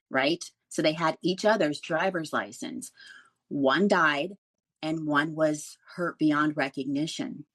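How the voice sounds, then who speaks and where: Casting: middle-aged woman, lively storyteller with a lower voice. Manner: animated storyteller who laughs often. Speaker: guest, former radio news reporter. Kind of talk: casual interview storytelling.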